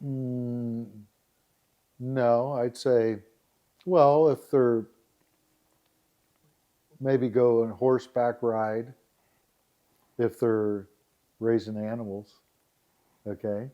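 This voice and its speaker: A man's voice: mid-range voice, level tone, extremely slow, long pauses, dull audio. A man as a podcast guest, chatting casually and telling stories, often laughing. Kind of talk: casual storytelling chat.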